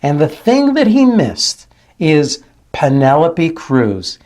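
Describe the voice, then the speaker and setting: A male dialect coach talks straight to camera at an unhurried pace. His pitch swings widely as he stresses each point. He repeats key phrases for effect. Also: huge pitch swings, a little mellow. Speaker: dialect coach and channel host. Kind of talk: analytical commentary to camera.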